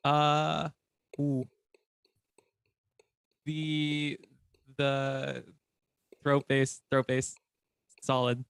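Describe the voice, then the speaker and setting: A man's voice: medium pitch, monotone, extremely slow, gravelly, long pauses, fairly bright tone, clear, resonant tone, no echo, studio quality. A man from the US, a guest on a video-call interview, giving short, hesitant answers with lots of fillers. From USA.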